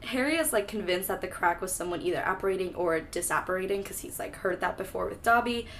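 A young woman chatting on a podcast in an easygoing, sarcastic way, swearing freely as she sums up the story. Her voice sits at a middling pitch. Faint background noise sits under the recording. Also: fast. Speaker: podcast co-host. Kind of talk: casual book-discussion chat.

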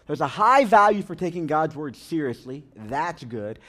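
A man's voice: fairly high pitch, very animated, moderate pace, a bit bright. A man preaching a sermon as a pastor, talking conversationally and telling funny stories to the congregation. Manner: conversational and humorous, tells anecdotes.

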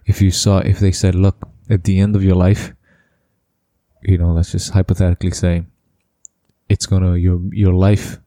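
A man's voice: low-pitched, little pitch movement, normal speed, warm tone, no echo, studio quality. A man interviewing a guest, asking hesitant, stumbling questions and murmuring agreement.

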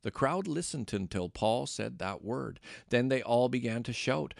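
A man reading scripture in a steady, measured narration. His voice has a gravelly texture, recorded close and dry. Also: mid-range voice, no echo. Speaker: scripture reader.

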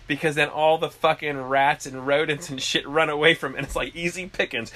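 A man co-hosting a podcast, telling animated, profane stories in casual chat. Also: on the high side, brisk, hardly any pauses. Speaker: podcast co-host.

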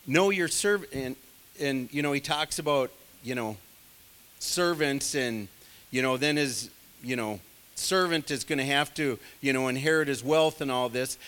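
A man's voice: fairly high pitch, a bit bright. A man preaching a sermon in a conversational way, full of asides to the congregation. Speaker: pastor.

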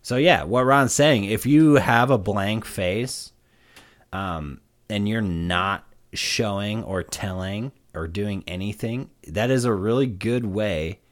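A man's voice: sits low, unhurried. A man co-hosting a podcast in casual chat, blunt and laid-back, swearing freely. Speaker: podcast co-host.

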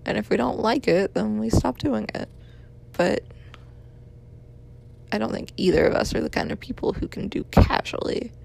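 A woman's voice: medium pitch, normal speed, gravelly, long pauses, darkish tone. A young woman in her twenties leaving a rambling, apologetic voicemail, tired and yawning as she talks.

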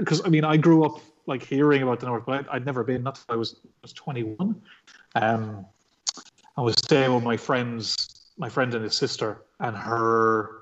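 Irish guy rambling on in a chatty interview, lots of ums, swears a bit, muffled lo-fi audio. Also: mid-range voice. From Ireland. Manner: rambling, full of fillers and swearing. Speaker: comic book artist guest. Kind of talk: casual storytelling interview.

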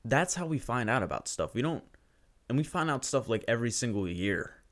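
A man's voice: medium pitch, very animated, a little fast, a bit bright. A young man ranting profanely and sarcastically through a solo podcast monologue.

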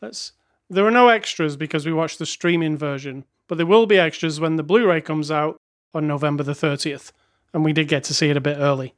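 Jokey co-host, mid-pitched casual voice. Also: fairly quick. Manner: jokey, chuckles, reads reviews aloud wryly. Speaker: podcast co-host reviewing films. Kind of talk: casual chat.

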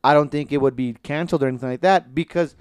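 A man's voice: fairly high pitch, quick pace, smooth, no room sound. A man in casual podcast chat about TV shows, rambling with many fillers and restarts and swearing casually.

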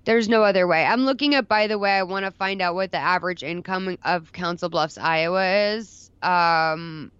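A woman's voice: lowish voice, moderate pace, hardly any pauses, a bit bright, clear, resonant tone, dry recording, muffled recording. A woman co-hosting a podcast, chatting casually, agreeing readily and reading out figures as she looks them up. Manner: conversational, agreeable, reads out figures while looking things up. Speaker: podcast co-host. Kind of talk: casual chat.

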